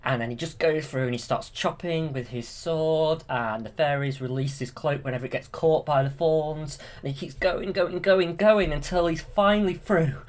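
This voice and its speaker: A man's voice: on the high side, normal speed, hardly any pauses. A man eagerly retelling a film from memory, rambling with many ums and restarts, recorded on a handheld camera. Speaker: YouTube creator.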